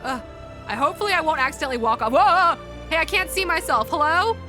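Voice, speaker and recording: A woman's voice: high voice, animated, quick pace. A woman streamer giving live gameplay commentary, reacting aloud in an emotional, exclamatory way. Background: faint game music.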